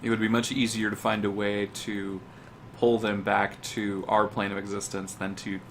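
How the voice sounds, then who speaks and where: A man playing a tabletop game, joking and quick to laugh. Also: fairly low pitch, flat delivery, a bit bright, slight background noise. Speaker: player. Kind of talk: casual game chat.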